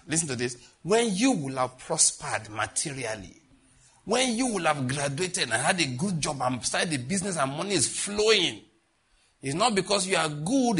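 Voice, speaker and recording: Male pastor, emphatic husky sermon voice, slightly high pitched. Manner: emphatic preaching, repeats phrases, swings between loud and hushed.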